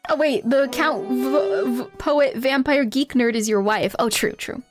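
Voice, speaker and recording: A woman's voice: high-pitched, a little slow, music in the background. A young woman streaming a game, reading its text aloud and chatting playfully with a giggly manner. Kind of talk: casual game stream commentary.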